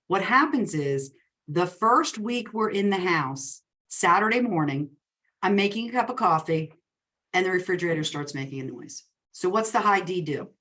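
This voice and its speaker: Woman coaching, somewhat low voice. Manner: lively storyteller who acts out quoted dialogue. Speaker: real estate coach and speaker. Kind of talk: coaching talk with personal stories. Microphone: webinar recording.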